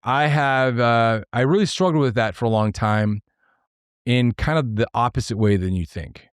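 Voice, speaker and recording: A man hosting a podcast on his own, explaining leadership ideas step by step in numbered points, earnest and sometimes excitable. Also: mid-range voice, normal speed, clear, resonant tone, no echo, clean studio sound. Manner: excitable at times. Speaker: podcast host. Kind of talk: solo podcast talk on leadership.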